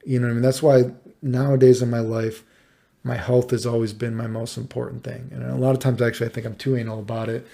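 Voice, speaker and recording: A man's voice: medium pitch, little pitch movement, fast talker, gravelly, dark tone. A man in his thirties, a vlogger, telling a personal story in a rambling, exasperated way with plenty of swearing. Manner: rambling, profane, exasperated retelling.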